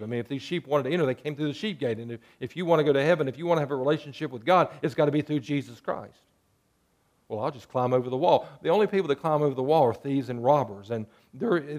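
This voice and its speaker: A man's voice: medium pitch, darkish tone. A man preaching a sermon, moving between earnest scripture reading and playful jokes with sheep bleats. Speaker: pastor.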